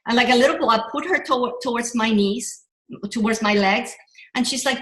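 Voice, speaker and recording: Middle-aged female coach, higher voice, rambling and animated, echoey room. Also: a little slow, long pauses. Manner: animated, rambling, with restarts and self-corrections. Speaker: business coach. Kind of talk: motivational workshop talk.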